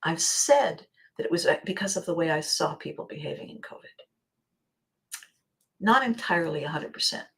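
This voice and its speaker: A woman hosting her own podcast, speaking a reflective motivational monologue with slow, deliberate phrasing and drops into near-whispers. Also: on the low side, lively intonation, creaky, fairly bright tone. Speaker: podcast host.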